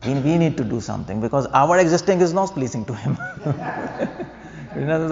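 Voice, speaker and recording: A man's voice: a little high, expressive, moderate pace, creaky, a crowd in the background. A man giving a devotional lecture, explaining points and asking the audience rhetorical questions. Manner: explanatory, asks the audience rhetorical questions, chuckles at own jokes. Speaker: preacher. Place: temple hall. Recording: echoey hall, dull lo-fi sound.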